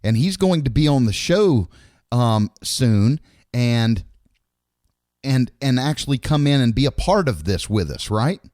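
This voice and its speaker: A middle-aged man co-hosting a podcast, rambling along and cursing without a second thought. His pitch swings up and down a lot as he talks, and the sound is dry and close, with no room around it. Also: animated, unhurried, a little mellow, no echo. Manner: rambling, blunt, swears freely. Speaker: podcast co-host. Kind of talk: casual chat.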